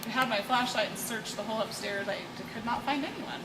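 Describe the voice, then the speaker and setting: A woman who runs a haunted house, answering interview questions about her building in a measured, conversational way with easy laughs. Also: a little high. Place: old school building, indoors. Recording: echoey room, distant mic, loud background noise.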